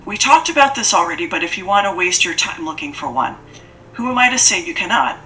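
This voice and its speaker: A woman's voice: fairly low pitch, animated, fairly quick, pushed and bright. A woman voicing an ancient female monster who speaks in a formal, cool and scolding way. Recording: faint noise, distant from mic.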